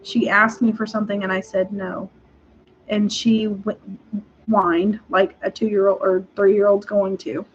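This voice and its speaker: A young woman, hosting a casual chat and telling stories in an animated, exasperated way with frequent laughs. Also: mid-range voice, a little slow, a little hiss or hum. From Texas. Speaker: podcast host. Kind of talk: casual storytelling. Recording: dull lo-fi recording.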